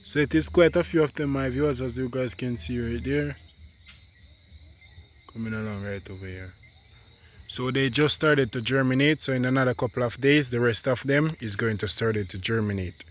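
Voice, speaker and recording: A man, a bit stuffy, walking his farm outdoors and chatting to viewers as he points out seedlings and the land he plans to cut. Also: medium pitch. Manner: talks to viewers as he walks and points things out. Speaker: farming vlogger. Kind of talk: casual farm vlog narration.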